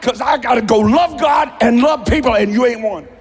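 A preacher putting on a raging churchgoer driver. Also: male voice, extremely high pitch, normal speed, big-room sound, faint music behind, pitched above the performer's own voice. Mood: road rage. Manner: shouting, ranting. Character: furious male churchgoer yelling in traffic.

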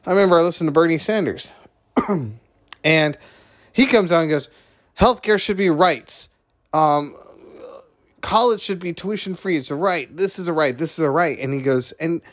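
A man hosting a podcast, talking through his views in a rambling, conversational monologue that keeps digressing. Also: on the high side. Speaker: podcast host. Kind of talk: casual monologue.

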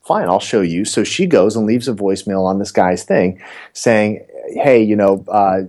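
A middle-aged man coaching real estate agents in a casual podcast chat, telling animated stories and acting out the people in them. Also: on the low side, unhurried. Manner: animated storyteller acting out quotes.

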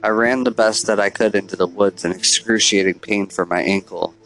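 A man with a lowish voice reads a first-person horror story as if confiding in a diary. His telling is earnest and confessional, with a faint bed of music beneath. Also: fairly even intonation, brisk, a bit bright, rough recording. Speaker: narrator.

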